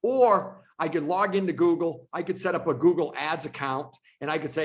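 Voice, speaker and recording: A man's voice: on the high side, moderate pace, few pauses. A man who leads a real estate team, teaching agents on a video call in a casual way and repeating himself for emphasis. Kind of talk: online training presentation.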